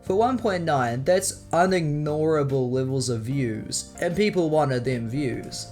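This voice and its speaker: A man's voice: fairly high pitch, animated, unhurried, darkish tone, soft background music. A young man narrating scripted commentary in a sarcastic, profane way. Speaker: video commentator.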